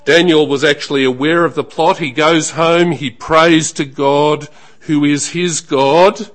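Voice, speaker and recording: A man preaching a sermon in a measured, emphatic way, letting phrases trail off softly at the end. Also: on the high side, fairly even intonation.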